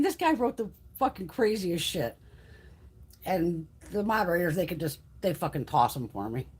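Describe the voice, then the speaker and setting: A woman hosting a beauty livestream, chatting casually in a blunt, profane, animated way and laughing often. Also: medium pitch, slightly rough.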